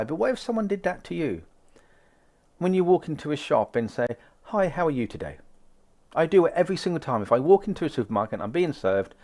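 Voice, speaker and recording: A man's voice: on the high side, darkish tone. A man doing a live tarot card reading, chatting upbeat with viewers and acting out little conversations. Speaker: psychic card reader.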